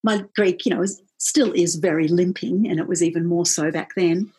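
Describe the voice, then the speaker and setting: A woman musician telling a travel story in casual chat, animated, acting out the people she quotes. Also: moderate pace, husky. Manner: animated, acts out quoted voices with big pitch jumps. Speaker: musician and podcast guest.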